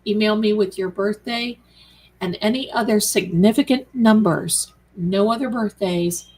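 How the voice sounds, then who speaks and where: A woman's voice: medium pitch, measured pace, darkish tone, poor audio. A woman hosting a tarot live stream, chatting casually and affectionately with viewers she calls her darlings. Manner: chatty and rambling, reads out viewer comments.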